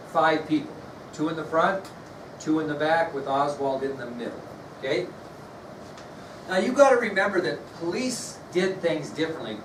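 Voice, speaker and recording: A man teaching a history class in a conversational way, often checking in with his students. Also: fairly high pitch. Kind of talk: classroom lecture. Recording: echoey room, far mic, faint noise.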